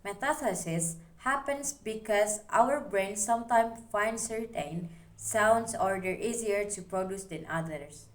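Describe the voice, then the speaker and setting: Slow-paced woman reading a lesson. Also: mid-range voice. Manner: slow, careful, reads examples one by one. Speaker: student presenter. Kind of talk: reading a phonology class presentation.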